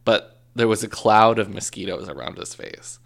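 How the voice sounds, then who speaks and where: Low gravelly guy telling a crime story to a buddy, jokey, swears a bit. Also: expressive, normal speed, a bit bright. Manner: joking storyteller, swears, self-corrects. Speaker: podcast co-host telling a true crime case. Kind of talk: casual chat.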